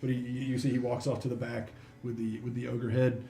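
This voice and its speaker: Gravelly, relaxed game master. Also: male voice, medium pitch, fairly quick, roomy sound. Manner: casual, hesitant, with many fillers. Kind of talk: narrating a tabletop game.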